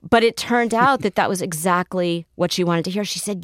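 A middle-aged woman therapist telling stories in a casual interview, animated and laughing as she acts out quotes. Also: lowish voice, a little fast, few pauses, no echo, studio quality. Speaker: guest, therapist.

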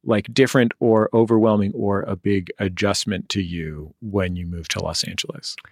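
An American man hosting an interview, asking measured questions with dry, wry humor. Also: fairly low pitch, steady tone, no echo. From United States. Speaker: interview host. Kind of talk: casual interview chat.

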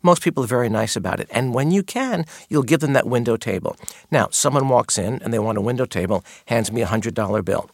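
A man's voice: mid-range voice, animated, a little fast, no room sound, studio quality. A man guest on a radio interview, a maitre d' who tells candid stories from the dining room and acts out exchanges with customers.

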